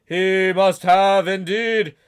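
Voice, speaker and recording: A streamer voicing Van Helsing, an elderly male vampire-hunting professor, with slow, booming, stilted old-fashioned speech in a dramatic reading. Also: fairly even intonation, clear, resonant tone, lightly acted. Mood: grave.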